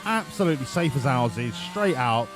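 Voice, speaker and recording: Sweary chatty streamer, lively pitch. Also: male voice, normal speed, over music. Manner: chatty, sweary, banters with chat. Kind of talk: casual game livestream commentary. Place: home room.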